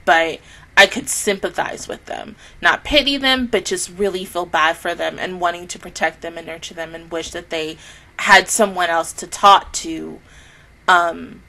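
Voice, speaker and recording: Earnest, rambling woman with a lowish voice. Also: unhurried, gravelly, pushed and bright, poor audio. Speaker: anime reaction YouTuber. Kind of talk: casual spoken review to camera.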